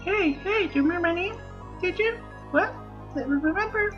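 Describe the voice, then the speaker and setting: A man voicing a tiny, insistent male fire monster from a video game in a strained, very high squeak. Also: normal speed, highs cut off. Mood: pestering. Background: game music.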